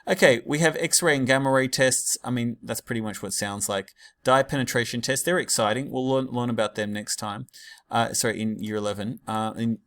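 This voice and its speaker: A man's voice: medium pitch, brisk, a bit bright. A man teaching a class in a casual, digressive lecture full of fillers and asides.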